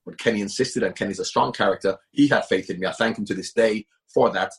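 A middle-aged former football manager, his voice lowish and fast, gives lengthy, emphatic answers as an interview guest. It's casual interview talk, and he repeats himself for stress.

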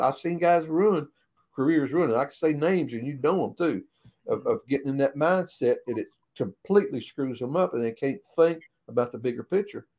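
In a mid-range, darkish voice, a man who used to drive race cars spins old racing yarns as an interview guest. The conversation is casual; he's plain-spoken and folksy, swears a lot, and keeps tagging on "right?"

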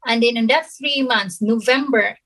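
A woman from the Philippines, telling a personal story to an interviewer in a halting, earnest way with many pauses and restarts. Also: fairly high pitch, fairly bright tone, rough recording. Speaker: interview guest.

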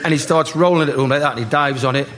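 At a live party event, a former footballer appearing as a guest tells animated football stories on stage, acting out the voices and laughing as he goes. His voice is slightly high and rapid-fire, and the room is noisy.

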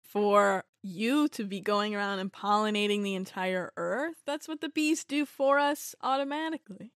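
A woman's voice: mid-range voice, moderate pace, clear, resonant tone, natural voice. Earnest liberal college niece, a woman putting her on. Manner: earnest, pleading.

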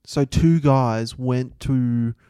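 Mellow guy with quick quips. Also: medium pitch, smooth, dry recording, clean studio sound. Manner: quick quips, crude humor. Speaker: podcast co-host. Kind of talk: casual chat.

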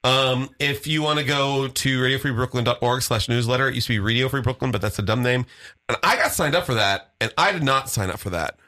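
A man with a bright, forceful voice co-hosts a loose community radio show. He rambles through plugs and links, stumbling over fillers and tossing in crude jokes. He sounds like he's talking into a studio mic. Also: mid-range voice, quick pace. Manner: rambling, joking station announcements with fillers. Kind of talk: crude casual radio banter.

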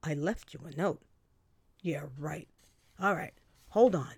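A woman's voice: deep voice, takes it slowly, husky. A woman telling a personal story on the radio in a wry, dramatic way, acting out bits of dialogue. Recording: loud vehicle noise behind.

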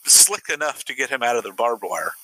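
Man around forty, podcast co-host, hesitant wry film talk, dry close sound, lively pitch. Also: brisk, no echo, poor audio. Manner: hesitant, many restarts, wry. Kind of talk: casual film discussion.

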